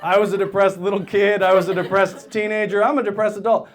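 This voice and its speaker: A man doing stand-up comedy, telling a story on stage and dropping into flat, low-voiced quotes of other people. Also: fast. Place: theater stage with a live audience.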